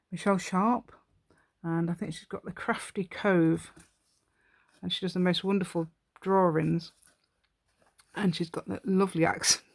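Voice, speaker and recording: Lower-voiced woman chatting through a journal craft demo, rambly and giggly, dry close sound. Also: darkish tone, no room sound. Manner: rambling, self-talking, giggly asides. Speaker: craft channel host. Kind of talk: chatty step-by-step craft tutorial.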